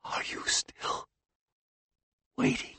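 A man whispering as a dying, croaking woman. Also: extremely slow, pushed and bright, heavily acted. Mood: faint, bitter. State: weak, gasping for air.

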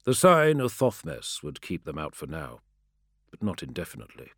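A man narrating a fantasy audiobook in a steady, darkly dramatic way. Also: a bass voice, normal speed, husky, no echo, clean studio sound.

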